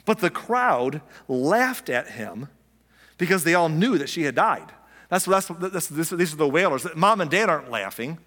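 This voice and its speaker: A man's voice: a little high, very animated, moderate pace, fairly bright tone, in a large hall. A man preaching a sermon in a conversational way, asking his listeners questions and acting out quotes. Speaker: pastor.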